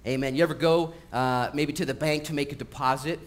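A man preaching a sermon in a church, talking casually with frequent fillers and getting animated as he tells stories. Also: fairly high pitch, fairly quick. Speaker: pastor. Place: church sanctuary. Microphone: live-streamed recording.

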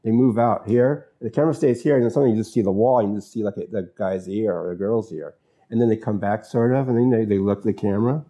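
A man's voice: fairly low pitch, fast talker, mellow. A man hosting his own talk show, musing about films in a loose, rambling way with many fillers and restarts. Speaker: host.

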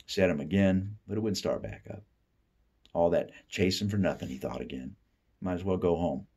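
A man from the Appalachian United States reads a short story aloud in a deep, husky voice. His reading is expressive, sinking soft and low whenever he voices the character's private thoughts. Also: moderate pace. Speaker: reader.

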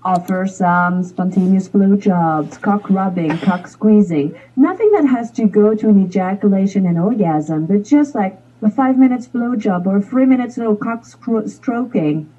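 A woman coach speaks frankly and explains her advice step by step. Her voice is warm and husky. The audio sounds dull, like a remote call. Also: medium pitch, unhurried, few pauses. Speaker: sex and relationship coach guest. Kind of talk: casual interview.

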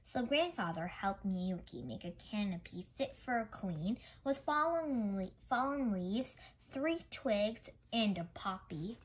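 A woman reading a children's storybook aloud gently and carefully, with occasional stumbles. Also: medium pitch, animated, a little slow, hardly any pauses, husky, low-quality recording. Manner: gentle, careful, small misreadings. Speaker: storybook reader.

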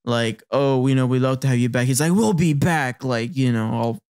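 Brief: male podcast co-host, mid-pitched, animated, laughs a lot, recaps an anime scene by scene. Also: normal speed, clean tone. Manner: animated, laughing, acting out character lines. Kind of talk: casual chat recapping an anime.

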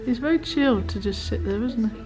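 A middle-aged woman, the vlogger's mother, chatting excitedly in a casual family chat and chuckling often. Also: on the high side, brisk. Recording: slightly muffled camera audio with music.

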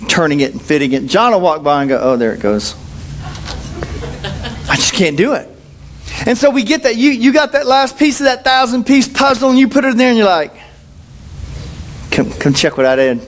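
A man's voice: very high voice, animated, quick pace, a bit bright, slight background noise. A man preaching a sermon at a church service in a humorous, conversational way, telling stories and acting out the dialogue in changing voices. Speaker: pastor.

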